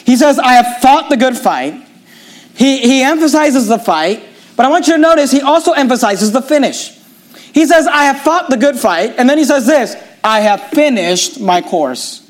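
A man with a notably high voice preaching a sermon. He pushes up loud and high on key points, then drops low and quiet. His delivery is emphatic and repetitive, like a pastor driving points home. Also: lively intonation, moderate pace. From United States.

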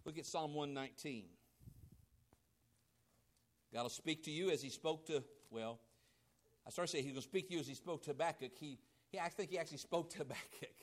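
A male pastor preaching a sermon, swinging between loud emphatic lines and quiet low asides, acting out quoted voices. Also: fairly quick, pauses often.

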